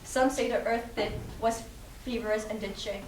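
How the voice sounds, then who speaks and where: A teenage girl in a school stage performance, reciting lines haltingly with fillers. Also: fairly high pitch, steady tone, darkish tone, slight background noise. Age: teens. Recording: echoey room, distant mic.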